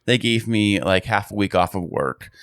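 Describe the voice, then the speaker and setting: Hoarse, stuffy-nosed male podcast co-host, husky, chatty, dry close sound. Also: fairly low pitch, lively intonation, normal speed, a bit bright, no echo. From Southern California. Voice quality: nasal, husky. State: hoarse from illness. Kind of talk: casual chat. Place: home podcast studio.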